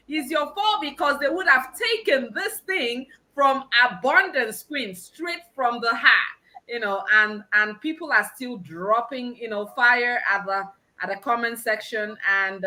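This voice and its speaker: A woman's voice: on the high side, pushed and bright. A woman hosting a live conference, exuberant and exclaiming, laughing often. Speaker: conference host. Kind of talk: energetic live event hosting.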